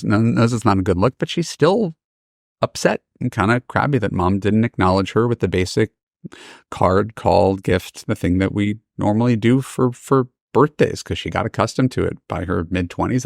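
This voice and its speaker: A middle-aged man hosting a podcast, telling stories and giving advice in a lively, casual way and acting out the people he quotes. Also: lowish voice, gravelly, no echo, clean studio sound. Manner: animated, acts out quoted voices. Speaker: podcast host and dating coach. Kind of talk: casual storytelling advice talk.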